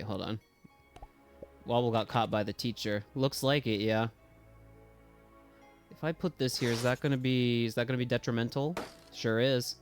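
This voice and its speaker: Excitable man streaming a game, music behind. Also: mid-range voice. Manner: excitable, swears freely, yelps and talks to chat. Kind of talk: casual live gameplay commentary.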